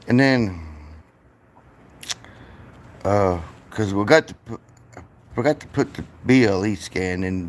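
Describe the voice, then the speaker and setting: A man hosting his channel, talking to himself in a halting, casual way while he works at a computer. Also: deep voice, gravelly, slight background noise. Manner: halting, talks to himself as he clicks. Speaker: channel host working at a computer. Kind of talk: casual thinking aloud while working.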